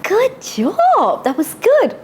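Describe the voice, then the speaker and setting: A woman telling a story to children and coaching them to act it out, encouraging and animated. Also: very high-pitched, takes it slowly, slight background noise. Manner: encouraging, animated, gives instructions. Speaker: storyteller and drama leader for children. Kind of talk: interactive story enactment for kids.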